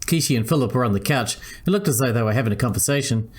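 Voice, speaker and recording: A man's voice: mid-range voice, expressive, very fast, breathy edge. Man reading a visual novel aloud. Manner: switches between narration and character voices. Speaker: let's-play host.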